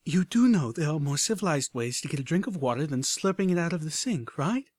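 A man voicing a graceful, caring young mare who talks in a lilting, gently teasing way. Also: on the high side, sing-song, fairly quick, no echo, clean studio sound, voice pushed up.

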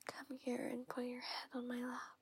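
A woman in whispered role-play, voicing a teasing, possessive older aunt who coaxes in a slow, breathy whisper. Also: fairly high pitch, monotone. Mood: soothing, possessive.

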